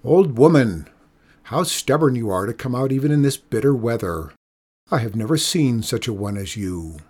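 A man voicing a gruff, rude old lighthouse keeper who calls out mockingly in a storybook reading. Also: mid-range voice, expressive, normal speed, lightly acted.

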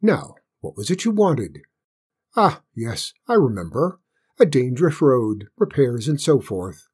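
A man with a husky voice voicing an absent-minded, excitable inventor king in a read-aloud fairy tale. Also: medium pitch, unhurried. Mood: distracted. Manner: distracted, abrupt, excitable.

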